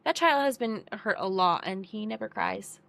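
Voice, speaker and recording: A woman's voice: mid-range voice, expressive, normal speed, gravelly, a bit bright. A young woman co-hosting a podcast, chatting casually and laughing often as she retells family moments. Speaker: podcast co-host. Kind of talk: casual chat.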